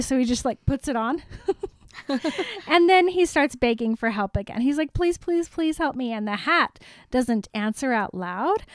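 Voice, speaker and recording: Young woman co-host, playful giggly storyteller, high and crisp. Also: no room sound. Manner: giggly, playful, animated retelling with silly voices. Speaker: podcast co-host retelling the book. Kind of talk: casual chat.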